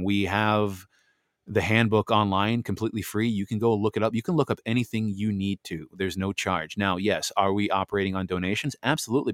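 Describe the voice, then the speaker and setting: Impassioned low-voiced man preaching. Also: dry recording, clean studio sound. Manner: impassioned, preachy, addresses listeners directly. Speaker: podcast host. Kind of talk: heated religious podcast talk. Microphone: close desk microphone.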